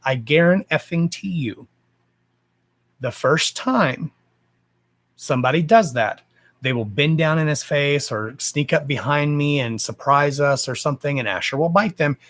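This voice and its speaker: A man's voice: on the high side, unhurried, a bit bright. Blunt, profane man ranting. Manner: blunt and profane, swears freely; fired-up, emphatic. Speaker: livestream host. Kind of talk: casual livestream rant.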